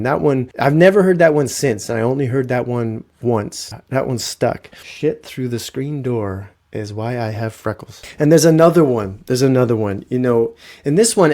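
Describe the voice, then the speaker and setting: A man hosting a podcast, telling comic stories in an animated, profane way. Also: medium pitch. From Canada. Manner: animated, profane, rhetorical "right?". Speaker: podcast host. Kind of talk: comic storytelling.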